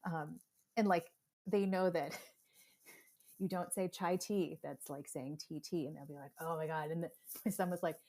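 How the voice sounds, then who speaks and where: A woman in her forties telling animated stories in a casual interview, acting out other people's voices as she goes. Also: sits low, measured pace. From United States. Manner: animated storyteller, acts out quoted voices. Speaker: podcast guest, psychotherapist.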